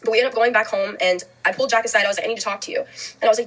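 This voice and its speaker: A young woman, a guest in an interview, telling a personal story in a fast, halting way full of "like" fillers. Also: on the high side, steady tone, fairly bright tone, low-quality recording. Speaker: podcast guest.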